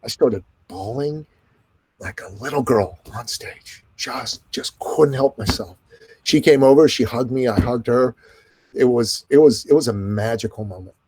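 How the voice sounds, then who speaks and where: A middle-aged man, a business coach being interviewed, telling stories in an animated way and acting out the people in them. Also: medium pitch, breathy edge, no room sound. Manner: animated, fast storytelling with quoted dialogue. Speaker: podcast host and business coach, guest. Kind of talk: storytelling in an interview.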